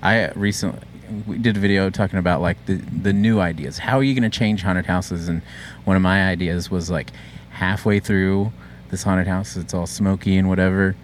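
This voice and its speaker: A man from Texas in casual chat, telling loose stories and slipping into loud goofy impressions. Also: sits low, steady tone, moderate pace, a little hiss or hum.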